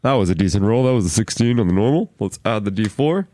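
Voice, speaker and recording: A man playing a tabletop game in a playful, quick, jokey way. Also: fairly low pitch, lively intonation, warm tone. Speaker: player. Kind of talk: casual tabletop play.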